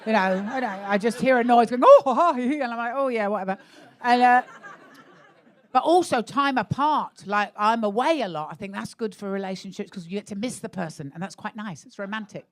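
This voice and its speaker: Speaking at a medium pitch and a slightly fast pace, a middle-aged comedian does live crowd work in a comedy club. She is blunt and foul-mouthed, poking fun at audience members over their relationships.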